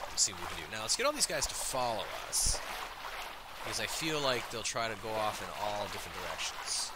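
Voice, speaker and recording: A man as host giving jokey, excitable let's play commentary. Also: lowish voice, fairly quick, very noisy. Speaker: gaming host.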